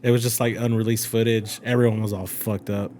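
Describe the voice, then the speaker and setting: Brief: man, podcast regular, lowish voice, easygoing. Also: a little fast, slight background noise. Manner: relaxed, laughs often. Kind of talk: casual chat.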